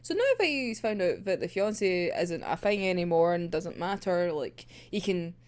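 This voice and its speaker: A woman's voice: lowish voice, lively intonation, normal speed, darkish tone. A young woman casually recapping a manga plot, giggling often and swearing freely as she tells it. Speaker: manga reviewer.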